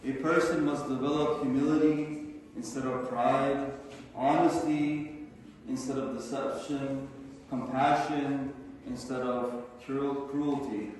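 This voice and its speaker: A man giving a formal prepared speech at a symposium, earnest and measured. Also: medium pitch, little pitch movement, a little mellow, slight background noise. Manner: measured, earnest oratory with a slow deliberate rhythm. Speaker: symposium speaker. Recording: echoey hall from far off.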